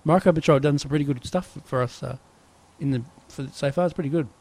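Fast-talking Australian podcast host. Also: male voice, a little high, darkish tone. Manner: chatty, laughs easily, says mate a lot. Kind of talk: casual chat.

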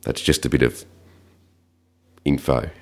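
An Australian man hosting a casual tech podcast, a bit croaky from hay fever, reading slowly and rambling in asides. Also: very deep voice, steady tone. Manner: slow deliberate intro reading, rambling asides. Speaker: podcast host.

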